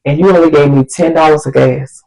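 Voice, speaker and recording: A woman vlogger telling a story in an animated, exasperated way. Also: sits low, a little fast, vocal fry, low-quality recording. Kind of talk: storytime vlog.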